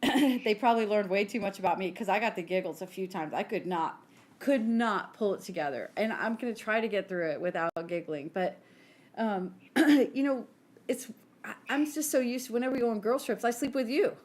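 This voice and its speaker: A forty-something woman co-hosting a podcast keeps things casual, telling stories loaded with "like" and dramatized quotes. She talks briskly at a medium pitch.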